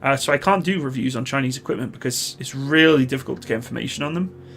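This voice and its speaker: A Canadian man, likely in his thirties, hosting a live stream, reading viewer questions and answering in a relaxed, rambling way with many pauses. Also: mid-range voice, vocal fry, a little hiss or hum. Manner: relaxed, chatty, hesitant with many uhs.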